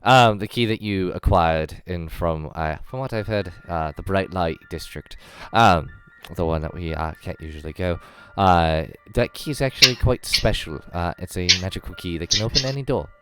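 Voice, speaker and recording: A man's voice: sits low, normal speed, hardly any pauses, clean tone, lightly acted. A man voicing a courteous male tabletop game character in a put-on accent, speaking hesitantly with many fillers. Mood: polite.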